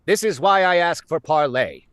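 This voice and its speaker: A man's voice: fairly high pitch, animated, moderate pace, fairly bright tone, smooth, no room sound, voice pushed up. A man voicing a formal male alien admiral in a game, speaking in a stiff, stately way.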